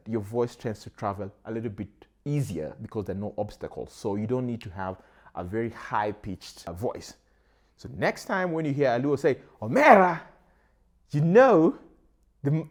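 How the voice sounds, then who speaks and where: A man talks through an explainer in a relaxed, conversational way. His voice sits at an ordinary middle pitch. He pauses on hesitant fillers and turns to the listener with "yeah?", while soft music plays underneath. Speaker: channel host. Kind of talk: casual explainer narration.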